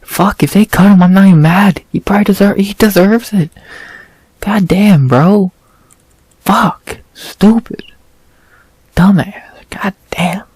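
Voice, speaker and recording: A man casually recapping fights, profane and exasperated, his frustration rising into loud rants. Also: high-pitched, no room sound. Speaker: podcast host recapping fights.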